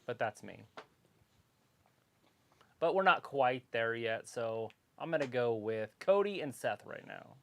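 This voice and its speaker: A man's voice: mid-range voice, animated, slow pace, long pauses, a bit bright. A man co-hosting a casual livestream watch-along, tossing out offhand, laid-back opinions.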